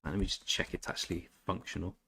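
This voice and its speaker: His voice sits low with little pitch movement, some vocal fry, and a fairly bright tone, against slight background noise. Streaming a game, he chats casually, reads out viewers' messages, answers them, and stumbles through German phrases.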